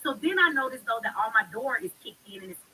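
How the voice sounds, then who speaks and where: A woman's voice: on the high side, animated, quick pace, pushed and bright, slight background noise, low-quality recording. A woman hosting a live stream, talking bluntly and emphatically in a heated monologue. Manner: blunt, emphatic, speaks with heavy profanity.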